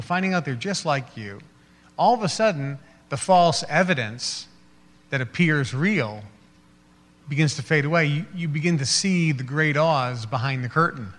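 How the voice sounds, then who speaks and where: A man delivers a motivational talk in a fairly high voice, slipping into quick acted voices to make his points. The sound carries a long reverb, as in a hall. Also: fairly bright tone. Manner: acts out little scenes in quoted voices, laughs along. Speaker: motivational speaker.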